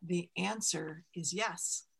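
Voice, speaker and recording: Storybook talking mountain, slow and solemn, bright clear tone, a woman reads it. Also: lowish voice, heavily acted. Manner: slow, measured, flat pronouncements. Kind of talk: storybook read-aloud.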